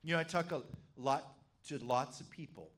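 A middle-aged man preaching a sermon as pastor, telling a funny story with lively energy. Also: a little high, moderate pace. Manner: animated, humorous storyteller.

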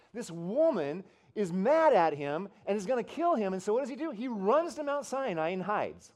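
A man preaching a sermon as pastor, telling stories conversationally and swinging from loud and emphatic to soft and hushed. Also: high-pitched. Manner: conversational storytelling, swells loud then drops soft.

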